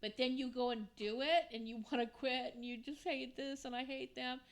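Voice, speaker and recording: A woman's voice: sits high, steady tone, moderate pace. A middle-aged woman, a guest on her son's podcast, chatting casually and chiming in supportively. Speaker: podcast guest, host's mother.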